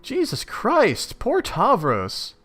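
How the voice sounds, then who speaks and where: Animated young man reading aloud. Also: extremely high pitch, takes it slowly, soft background music. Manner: animated, expressive, chatty. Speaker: reader of a webcomic. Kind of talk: casual read-along with reactions.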